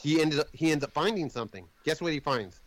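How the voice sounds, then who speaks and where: A man's voice: fairly high pitch, animated, fast talker, low-quality recording. A man casually recapping a movie plot in a rambling way, swearing now and then and jumping in and out of the characters' voices.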